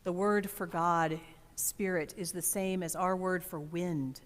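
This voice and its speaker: A woman pastor delivering a reflective sermon in a church, expressive and measured, with dramatic pauses. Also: on the low side. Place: church sanctuary. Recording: long church reverb.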